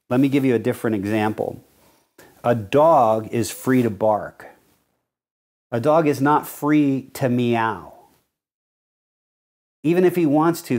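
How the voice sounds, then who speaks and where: A male pastor delivers a sermon, earnestly teaching as he explains verses and reads scripture slowly, stressing key words. His voice sits at medium pitch with a slightly mellow quality.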